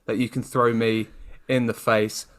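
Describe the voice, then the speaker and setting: British male podcast co-host, chatty, mid-pitched, direct to listener. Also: level tone, unhurried. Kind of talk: casual chat.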